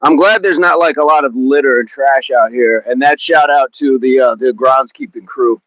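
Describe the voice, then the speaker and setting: An upbeat man chats casually through an outdoor fitness live stream in a park. He greets viewers by name and repeats his words as he warms up. His voice sits at an ordinary pitch and sounds dry and close, with no echo. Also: moderate pace. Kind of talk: casual live-stream chat while warming up.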